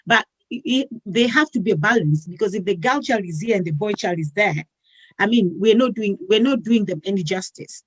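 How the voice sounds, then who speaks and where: A woman's voice: mid-range voice, animated, brisk, breathy edge, no room sound, dull audio. A woman hosting a talk show, speaking earnestly and repeating words as she builds her point.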